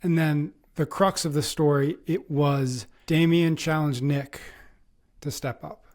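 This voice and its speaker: A man's voice: fairly high pitch, steady tone, slow, darkish tone. A podcast host speaking earnestly and from the heart as he reflects on what he just heard. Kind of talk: reflective conversation.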